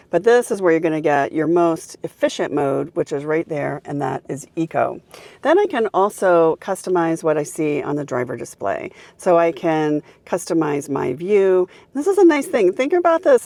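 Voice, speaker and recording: A woman's voice: sits low, creaky, darkish tone, dry recording. A woman reviewing a car, walking through its features one by one in an upbeat, casual way. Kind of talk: casual car interior walkthrough.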